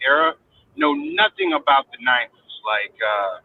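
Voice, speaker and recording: A man in his thirties joining a casual podcast chat, animated and excitable. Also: mid-range voice, normal speed. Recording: dull lo-fi remote audio.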